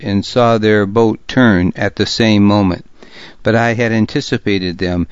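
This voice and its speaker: Slow, measured male audiobook narrator. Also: fairly low pitch, no room sound, muffled recording. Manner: measured, deliberate, gravely serious reading. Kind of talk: scripted first-person narration of a historical novel.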